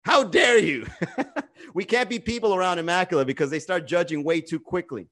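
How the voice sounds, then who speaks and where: A comedian with a somewhat high voice hosts a casual livestream on his phone. He rambles, swears freely and roasts his viewers by name. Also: animated, brisk. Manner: profane, rambling, teasing. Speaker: stand-up comedian and livestream host.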